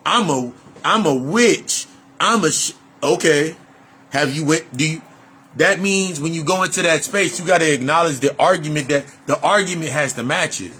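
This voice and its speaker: Bright-voiced man preaching self-help bluntly. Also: on the high side, a little hiss or hum. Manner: blunt, preachy, repetitive, swears freely. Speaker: life coach and shadow-work healer. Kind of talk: motivational monologue.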